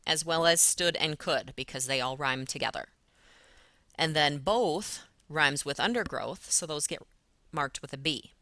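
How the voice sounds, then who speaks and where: Woman, teacher, recorded lesson, patient step-by-step explaining, low pitch, dry close sound. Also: bright, forceful tone, dry recording. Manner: patient, talks students through each step.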